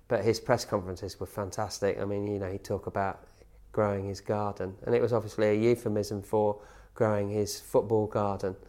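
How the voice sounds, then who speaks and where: A man's voice: lowish voice, a little mellow. A man in an interview, reminiscing in a loose, rambling way with many fillers. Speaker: interviewee reminiscing about a manager.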